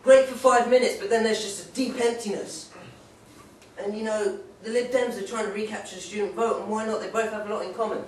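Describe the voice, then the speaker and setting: Performing stand-up in a pub, this young man has a high voice with a steady tone and a fairly quick delivery. His set rambles along with jokes and playful character voices, captured from a distance in an echoey room with a little hiss or hum.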